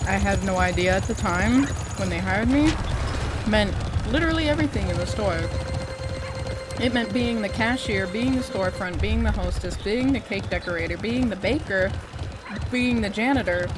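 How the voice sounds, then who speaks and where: A woman's voice: mid-range voice, moderate pace, background noise. A woman streamer chatting casually and telling stories while playing a game with friends. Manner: chatty, storytelling. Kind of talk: casual chat. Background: game music.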